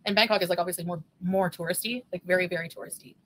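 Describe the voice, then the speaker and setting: A woman's voice: lowish voice, steady tone, very fast, fairly bright tone. A woman livestreaming, chatting casually and answering viewers with frequent giggles.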